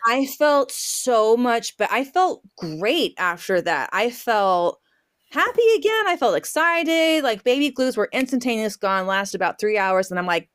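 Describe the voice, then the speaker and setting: A woman homesteader as a podcast guest, telling a story in a lively way and acting out her own quotes with fillers and laughs. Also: a little high, clear, resonant tone, dry recording, studio quality. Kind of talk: casual storytelling interview.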